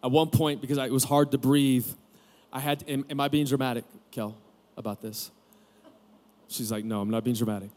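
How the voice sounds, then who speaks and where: A man's voice: mid-range voice, fairly even intonation, normal speed, long pauses, a little mellow. A pastor in his forties preaching a candid sermon, telling a personal story with joking asides to a live audience. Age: 40s. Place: camp gathering room with audience.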